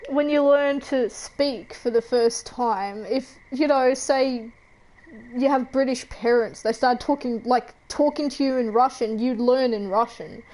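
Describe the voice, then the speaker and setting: A woman's voice: high voice, a little slow, a little mellow, poor audio. Giggly Australian woman chatting while gaming. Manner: chatty and giggly, often trailing off into laughter. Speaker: gaming streamer. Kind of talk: casual chat while playing a game.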